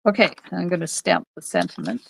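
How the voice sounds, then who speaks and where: A woman's voice: lowish voice, big pitch swings, brisk, gravelly, rough recording. An older woman, a card-making instructor, chatting to viewers during a live-streamed craft tutorial in her home craft room. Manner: chatty, talks to viewers while stamping.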